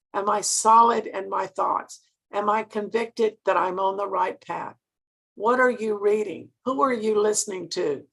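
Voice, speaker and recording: A woman's voice: medium pitch, creaky, a bit bright, breathy edge. An older woman from Mississippi, giving an earnest motivational sales talk and asking her listeners direct questions.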